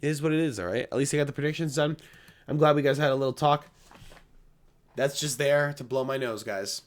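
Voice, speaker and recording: A man's voice: medium pitch, fairly quick. Blunt, foul-mouthed man breaking down fights. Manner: profane, rambling, blunt and opinionated. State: late at night, blowing his nose. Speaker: MMA fight predictions host. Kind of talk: casual fight breakdown vlog.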